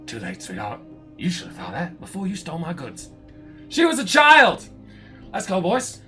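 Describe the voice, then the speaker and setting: A man's voice: mid-range voice, sing-song, a little fast, music in the background, lightly acted. A man doing a sneering cruel pirate captain. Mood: taunting. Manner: sneering, mocking threats. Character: menacing male pirate captain, cruel and taunting.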